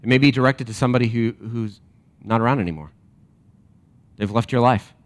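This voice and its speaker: A man preaching a sermon to a congregation, animated and emphatic, then dropping to quiet reflective questions. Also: medium pitch, brisk. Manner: direct address to a congregation with rhetorical questions. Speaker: pastor.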